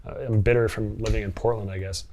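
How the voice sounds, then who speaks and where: A man's voice: fairly low pitch, flat delivery, fast talker, a little mellow. A man in a casual reaction vlog, reading comments and answering with amused sarcasm and frequent laughter. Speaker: online commentator. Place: living in Portland.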